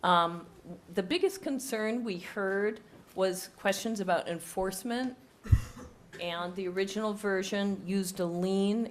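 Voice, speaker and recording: At a town hearing, a woman whose voice is almost lost to a cold gives a formal presentation of a proposed bylaw, walking through it step by step. She speaks close into a table microphone in the town meeting room, her voice mid-range and hoarse, with a little background noise.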